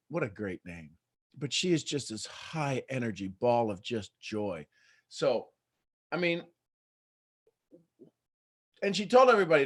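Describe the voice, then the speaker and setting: A man hosting a casual morning livestream, talking in an animated way and laughing often. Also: mid-range voice. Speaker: host.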